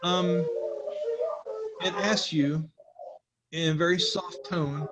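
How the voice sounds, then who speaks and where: A game master narrating a tabletop role-playing session in a relaxed, conversational way, asking players for rolls. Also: medium pitch, slow pace, very noisy.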